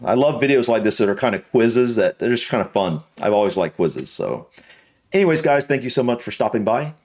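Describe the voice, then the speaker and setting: A man's voice: lowish voice, a little mellow. An American man hosting a reaction video, thinking aloud with hesitant, casual remarks. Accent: American English. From United States.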